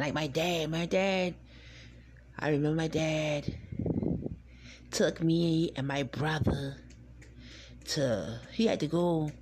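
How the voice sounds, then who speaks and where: A woman's voice: low voice, slight background noise. A woman hosting a podcast, telling rambling, laid-back childhood stories in casual talk. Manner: rambling, laid-back, swears and laughs while reminiscing. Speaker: podcast host. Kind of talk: casual storytelling monologue.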